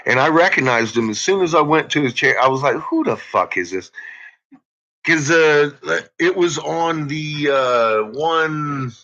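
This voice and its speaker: A man's voice: fairly high pitch, unhurried, hardly any pauses, sharp tone. A man chatting to viewers on a live stream, rambling and swearing heavily. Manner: profane, rambling, heavy cursing. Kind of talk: casual live-stream chat. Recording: dull lo-fi recording.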